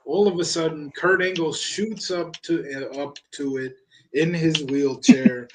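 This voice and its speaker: A man's voice: a little high, unhurried, heavy background noise. Wry man recapping a wrestling show. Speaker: podcast host reviewing wrestling. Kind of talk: casual chat.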